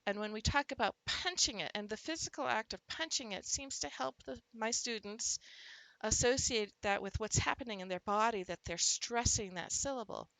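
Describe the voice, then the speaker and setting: Addressing teachers, a woman walks through a literacy lesson, punching out syllables to show stress and calling the example words aloud. Her voice is bright, clear, and a little high, at a moderate pace. The sound is close and dry, with no room echo.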